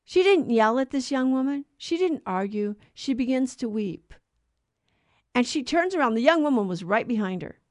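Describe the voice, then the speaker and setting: A woman's voice: on the high side, lively intonation, normal speed, darkish tone, no room sound, clean studio sound. A woman co-hosting a Catholic talk show, teaching in an earnest, storytelling way. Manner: earnest storyteller who acts out quoted voices. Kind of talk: conversational faith teaching.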